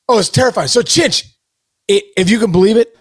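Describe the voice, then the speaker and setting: A man co-hosting a podcast, telling an animated story full of dude and bro, acting out the voices of the people in it. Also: high voice, a little fast, breathy edge. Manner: excitable, says dude and bro a lot. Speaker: podcast co-host.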